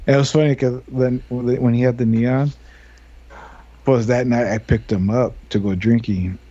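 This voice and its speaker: A man's voice: medium pitch, fairly even intonation, unhurried, dark tone. A man hosting a podcast, telling rambling stories casually, laughing often and swearing freely. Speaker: podcast host. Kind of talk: casual chat. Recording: dull lo-fi sound.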